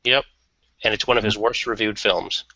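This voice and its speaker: Bright-voiced chatty man on the radio. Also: on the low side, steady tone, moderate pace, creaky, no echo, dull audio. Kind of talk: casual radio chat.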